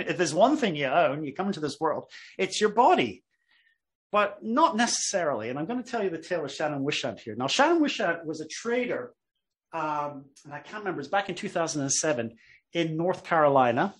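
A man's voice: a little high, fairly bright tone. A middle-aged man, a professor, giving a public lecture in a conversational storytelling way, often checking in with "okay?".

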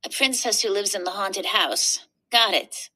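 A woman's voice: medium pitch, unhurried, bright, forceful tone, husky. A woman voicing an upbeat young girl artist. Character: bold young girl, eager friendly artist.

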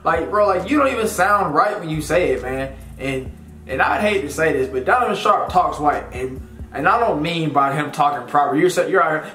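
A man's voice: fairly high pitch, expressive, moderate pace, sharp tone. Blunt, scornful male commentary host. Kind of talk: casual opinion commentary. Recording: echoey room with faint music.

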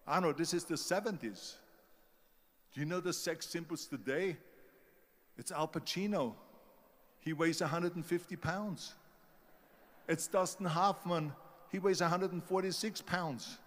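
A man's voice: on the high side, measured pace, pauses often, long reverb tail. An older man with a German-speaking Austrian accent, giving an emphatic motivational speech with stories. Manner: storytelling, emphatic, mimics doubters.

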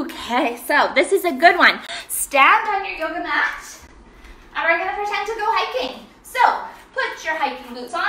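A woman leads children through yoga poses in a high, bright voice that is slow and sing-song. She cheers and makes playful animal sounds. She sounds a little way off the mic in a very echoey room. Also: lively intonation, far from the mic. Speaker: kids' yoga teacher.

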